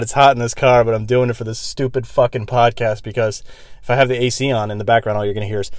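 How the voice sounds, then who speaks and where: A young man rambling through a profane comic podcast monologue from inside a parked car, breaking into sudden loud screaming bits. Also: medium pitch, little pitch movement, quick pace, no echo. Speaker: podcast host.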